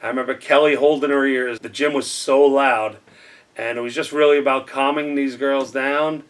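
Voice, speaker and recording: A man who coached the team, recalling games in an interview with frequent pauses and fillers. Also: mid-range voice, fairly even intonation, a bit bright, distant mic. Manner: halting, lots of fillers. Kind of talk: interview recollection.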